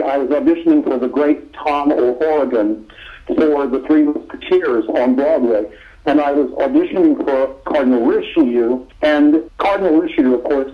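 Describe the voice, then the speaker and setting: An older man from Oklahoma, a singer and actor, telling animated stories in an interview and laughing often. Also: on the high side. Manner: animated anecdotes with frequent laughter. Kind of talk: storytelling interview talk. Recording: lo-fi radio sound.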